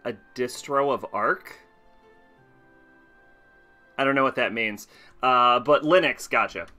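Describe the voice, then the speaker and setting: A man's voice: mid-range voice, slow pace, bright, forceful tone, faint music behind. A man casually commenting on a video game stream, chatting with viewers and laughing often.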